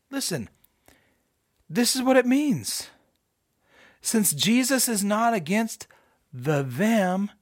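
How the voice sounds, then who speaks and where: A middle-aged man giving an informal, conversational Bible teaching with emphatic rhetorical questions and bursts of excitement. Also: very high-pitched, unhurried, no echo, studio quality. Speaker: podcast host teaching scripture.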